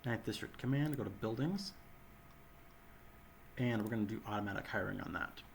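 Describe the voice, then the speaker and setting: A hoarse man with a sore throat giving rambling gameplay commentary, correcting himself as he goes. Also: lowish voice, moderate pace, a little hiss or hum. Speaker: game channel host.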